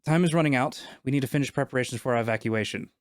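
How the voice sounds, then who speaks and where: A man doing an anxious rebel figure in a tabletop game's vision scene, urgent and pressed, a touch higher and louder than a plain talking voice, in a dry close room. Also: steady tone, a little fast, no echo, close to an everyday voice. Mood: worried.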